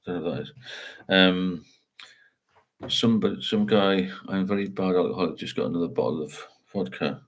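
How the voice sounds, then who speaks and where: A man's voice: sits low, normal speed. A middle-aged man, hosting a casual livestream chat and rambling while he reads out viewer comments. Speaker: livestream host.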